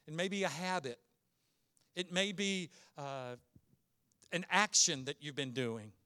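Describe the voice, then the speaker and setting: A pastor delivering a sermon in a fairly high voice. His tone is bright and forceful. He speaks earnestly and with emphasis, putting question after question to his listeners and drawing out key words. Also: clear, resonant tone. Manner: earnest, emphatic preaching with many rhetorical questions; slows down to stress key words.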